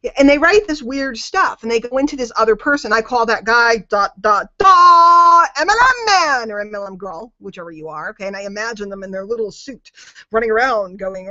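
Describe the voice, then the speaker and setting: A woman's voice: on the high side, lively intonation, normal speed, pushed and bright, no room sound, highs cut off. A woman coaching a network marketing team on a group call. She talks emphatically and repeats her key phrases for weight.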